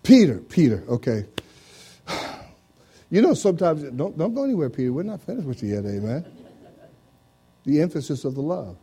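Slightly high, sing-song, mellow and husky, this pastor's voice carries an interactive sermon in church. He trades lines with a volunteer from the congregation, says "amen" and "praise the Lord" throughout, and reads scripture in a slow, drawn-out King James cadence.

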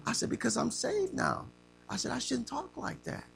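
Male preacher with a bright, gravelly tone, teaching interactively and emphatically. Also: extremely high pitch, sing-song, moderate pace, slight background noise. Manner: asks the room questions and acts out stories. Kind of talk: interactive sermon.

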